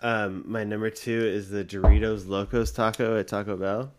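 A man's voice: lowish voice, level tone, moderate pace, over music. A young man co-hosting a casual podcast, rambling with lots of fillers and casual swearing. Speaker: co-host.

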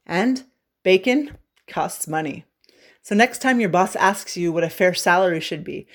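A woman from Canada teaching English slang on a radio show, with a playful, joking manner and bits of singing. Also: medium pitch. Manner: playful, jokey, bursts into singing. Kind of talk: humorous language lesson on radio.

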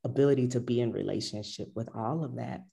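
A woman's voice: very deep voice, fast, gravelly, warm tone. A middle-aged woman who teaches yoga, talking in a reflective, storytelling way and acting out her past self. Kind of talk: casual conversation.

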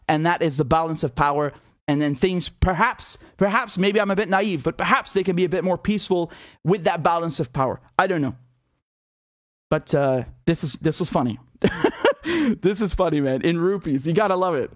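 A man's voice: high voice, brisk, dry recording, studio quality. A man giving a blunt, mocking political monologue, laughing often and swearing. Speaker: political commentator. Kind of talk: casual opinion monologue.

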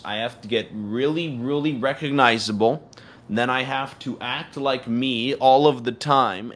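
A man's voice: mid-range voice, a bit bright, slight background noise. A man hosting a casual audio chat, rambling in an ironic, self-mocking way. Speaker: host of an audio chat room.

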